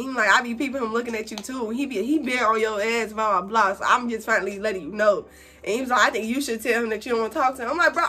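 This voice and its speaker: A young woman vlogger telling a casual story while doing her makeup, animated and slangy, acting out quotes in a higher voice. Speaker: beauty vlogger.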